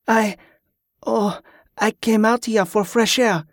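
A man voices a frightened young woman, pitching his voice high above his natural range and speaking hushed and faltering at normal speed. The recording is clean studio sound with no room tone.

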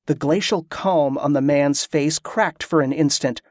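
A man narrating a fantasy audiobook in a steady, even reading. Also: fairly high pitch, a little slow, hardly any pauses, dry recording, clean studio sound.

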